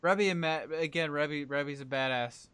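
A man's voice: fairly high pitch, a little fast, a bit bright, smooth, no room sound. A man co-hosting a casual podcast, blunt and joking. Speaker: podcast co-host. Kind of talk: casual chat.

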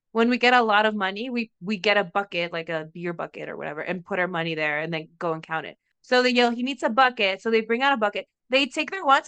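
On a podcast, a young woman co-host tells a story, cursing freely and acting out other people's lines with lively energy. Her voice is bright, crisp, and fairly high, recorded dry and close to the mic with no echo, in a casual chat.

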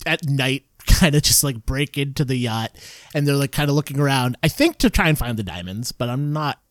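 Animated man rambling through a recap. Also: mid-range voice, fairly quick, no room sound, clean studio sound. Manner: rambling, many fillers and laughs. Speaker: podcast co-host. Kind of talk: casual chat recapping a TV episode.

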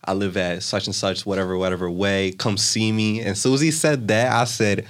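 A man's voice: lowish voice, a little fast, few pauses. A young man casually retelling a story in a loose, rambling way, full of filler words. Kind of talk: casual chat.

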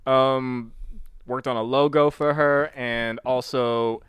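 A young man co-hosting a casual podcast, telling an animated story with quick asides into a close mic. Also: medium pitch, clean tone, no room sound. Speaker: podcast co-host. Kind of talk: casual chat.

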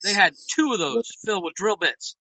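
A man's voice: high-pitched, expressive, fairly quick, pushed and bright, no room sound, rough recording. A middle-aged man in casual chat, laid-back and laughing often, swearing casually. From United States.

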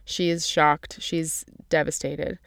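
A young woman walks through a novel chapter by chapter in a relaxed, chatty way, leaning on "like" as she goes. Her voice is low and very smooth, with little rise and fall, and it sounds dry and close, with no room around it. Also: takes it slowly, no room sound. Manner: chatty, filler-heavy retelling with "like", reading passages aloud. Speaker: book summary presenter. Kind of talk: casual spoken book summary.

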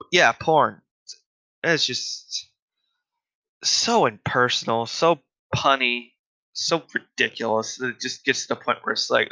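Man, bright edgy voice, profane exasperated solo rant, casual fillers. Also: medium pitch, takes it slowly, pauses often, poor audio.

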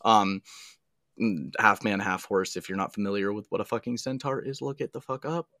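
A man with a bright, forceful voice trades jokes in loose, profane podcast banter. He laughs easily and swears freely. The sound is dry and close. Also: fairly low pitch, fairly even intonation, moderate pace, dry recording. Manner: joking, swears a lot, laughs often. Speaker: podcast co-host. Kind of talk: casual profane chat.

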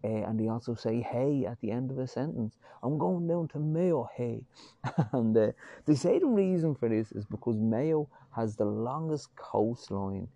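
An Irish man chats loosely on his solo podcast, gravelly and mellow in tone. He rambles cheerfully, throws in jokes and casual swearing. The sound is dry and slightly dull. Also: medium pitch, lively intonation, normal speed, no echo. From Ireland. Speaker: podcast host.

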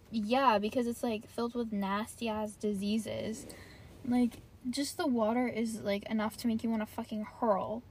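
A young woman rants casually and profanely on her podcast, sprinkling "like" everywhere while sitting in her car. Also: a little high. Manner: profane, complaining, heavy use of "like". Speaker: podcast host. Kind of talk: casual solo podcast rant.

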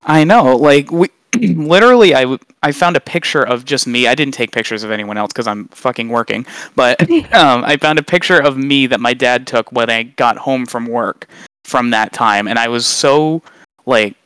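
A young man, a guest on a casual chat recorded remotely, telling funny stories with lively acted-out quotes. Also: moderate pace, clear, resonant tone, no room sound. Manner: animated storyteller, acts out quotes in high voices. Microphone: long-distance remote recording.

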